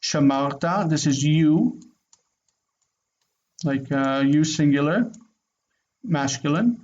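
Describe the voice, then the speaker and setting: A man's voice: fairly high pitch, slow, a little mellow, dull audio. A man teaching a grammar lesson online, explaining rules step by step in a casual way with fillers. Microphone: computer mic on video call.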